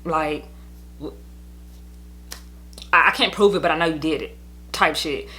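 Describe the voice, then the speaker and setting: Young woman, storytime vlog, bright sharp voice, blunt, heated, rambling. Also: deep voice, unhurried. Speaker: vlogger telling her custody story. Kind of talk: casual storytime monologue.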